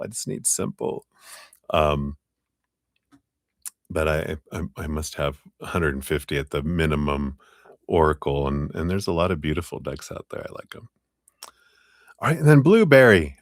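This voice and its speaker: A man with a very low voice hosts a live tarot stream, reading cards and chatting loosely with viewers while laughing along the way. He rambles and fills pauses with "you know." The recording is dry and close, with no room sound or echo.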